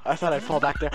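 A young man playing a video game with a friend, swearing, yelling in frustration and laughing. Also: high voice, heavy background noise. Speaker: gamer. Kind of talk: casual gaming chat. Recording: game music behind voice.

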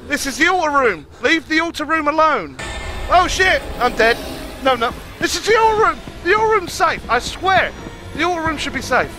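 Jumpy, foul-mouthed gamer, high voice. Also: male voice, sing-song, normal speed, music in the background. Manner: jumpy, swears constantly, yelps at scares. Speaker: gaming streamer. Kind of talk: live horror game reactions.

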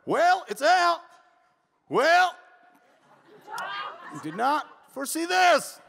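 A man playing a crude, stubborn street brawler who yells insults at a high, strained pitch. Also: sing-song, normal speed, gravelly, big-room sound, slight background noise, exaggerated voice. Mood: yelling.

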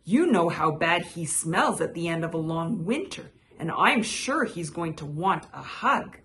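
A woman's voice: on the low side, expressive, unhurried, fairly bright tone, a little hiss or hum. A woman voicing a grumpy, complaining male rabbit in a read-aloud picture book, in a grumbling manner. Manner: grumbling, gloomy.

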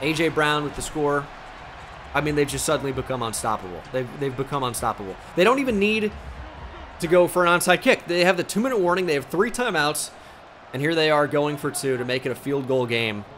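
A man's voice: mid-range voice, expressive, brisk, fairly bright tone, slight background noise. A young man commentating his own video game as a gaming YouTuber, switching between mock play-by-play and frustrated outbursts.

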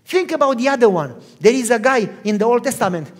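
A pastor delivers a sermon in a very high-pitched male voice at a quick pace. He's an animated storyteller who keeps asking his listeners questions, and the recording carries a long hall reverb.

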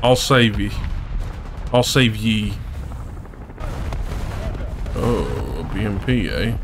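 A man giving excitable, chatty live commentary over his own gameplay and often breaking into laughter. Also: on the low side, drawn-out words, background noise. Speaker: gaming YouTuber.

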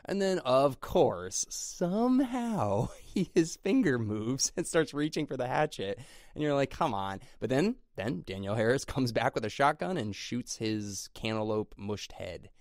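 A man's voice: medium pitch, expressive, moderate pace, no echo, studio quality. A man co-hosting a podcast, chatting casually about a horror film with lots of fillers and restarts. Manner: rambling, many fillers and restarts. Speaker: podcast co-host. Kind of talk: casual movie review chat.

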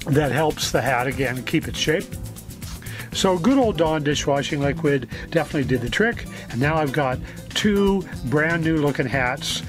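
Chatty man, slightly high voice. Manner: friendly, chatty. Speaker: vlogger. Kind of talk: casual how-to narration.

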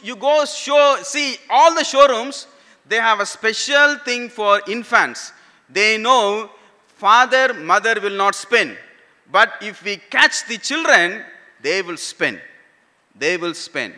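A man's voice: high voice, pushed and bright. Man, pastor. Sermon delivery, repeats points, recorded in a reverberant church hall. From India. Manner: repeats key phrases for emphasis, asks the congregation questions.

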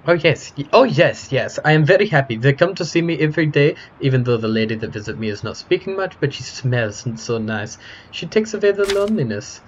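A man's voice: fairly high pitch, expressive, brisk, highs cut off, slight background noise, pitched above the performer's own voice, natural voice. A man voicing a lonely, chatty elderly man who speaks broken English with a put-on foreign accent and gets flustered when asked about it. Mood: cheerful. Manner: cheerful and flustered, insists he has no accent.

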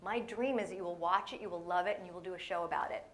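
Speaking fast in a fairly low-pitched voice, a female guest speaker gives an animated, playful sermon to a church crowd, telling stories and acting out voices and dialogue along the way. There's a little hiss or hum on the recording.

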